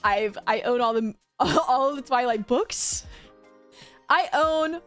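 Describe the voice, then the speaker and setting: A young woman in her twenties chats casually to her stream in a slightly high voice, gushing and rambling with constant fillers and easy laughs. Faint music plays quietly behind her. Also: slow pace. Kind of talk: casual chat on a livestream.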